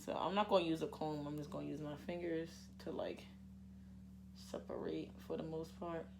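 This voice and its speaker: At home, a young woman films a hair care tutorial into a plugged-in microphone, chatting casually, poking fun at herself and admitting her nerves as she goes. Her voice is deep and creaky, with fairly flat intonation and normal speed, and there's noise in the background.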